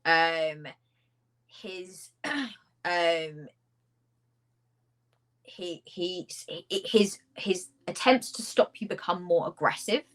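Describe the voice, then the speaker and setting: A woman narrating a tabletop horror game as game master, halting with many fillers. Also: fairly low pitch, expressive, rough recording. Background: faint background music.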